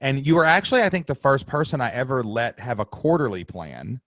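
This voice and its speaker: A man's voice: medium pitch, expressive, brisk, fairly bright tone, no echo, studio quality. A man hosting a podcast interview, talking with enthusiastic, effusive and emotional energy. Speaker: podcast host.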